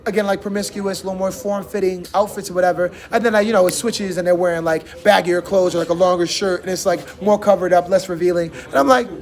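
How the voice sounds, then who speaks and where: A man hosting casual, animated barbershop banter, laughing and mimicking the others as he talks. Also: sits high, quick pace, few pauses. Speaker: podcast host.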